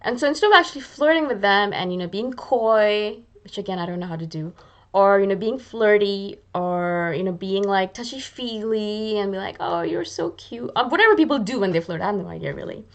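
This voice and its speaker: A woman's voice: medium pitch, animated, fairly quick, dull audio. A woman hosting her own video channel, talking casually and self-mockingly to the camera and acting out little quoted asides. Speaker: YouTube channel host.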